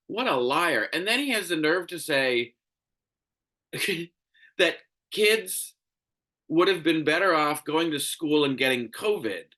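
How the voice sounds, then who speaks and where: Profane, animated ranting man. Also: fairly high pitch, slow. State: tired and crabby. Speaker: show host. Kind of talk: solo commentary rant.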